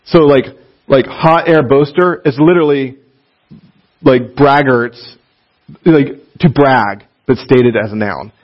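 Male teacher, casual and lively classroom delivery, mid pitch, muffled lo-fi audio. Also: takes it slowly. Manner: animated, chatty, laughs often, reads passages aloud. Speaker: Bible teacher.

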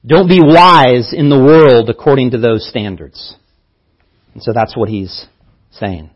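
A male pastor delivers a sermon in an earnest teaching manner, leaning on repeated phrases to drive his points home. His voice has a husky edge and sits at an ordinary pitch. The recording is dull and muffled, like an older sermon tape. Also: a little slow.

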